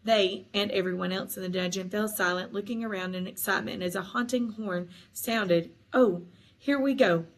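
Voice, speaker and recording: A woman reading a fantasy story aloud in a steady, measured narrating voice. She keeps the telling clear and even between the characters' lines. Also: mid-range voice, poor audio. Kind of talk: audiobook narration.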